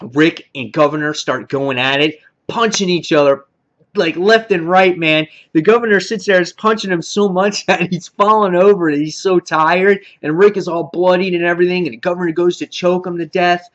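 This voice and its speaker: A man reviewing a TV episode in a casual, excitable recap, full of fillers and mild swearing. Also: high-pitched, normal speed, muffled recording. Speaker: TV show reviewer.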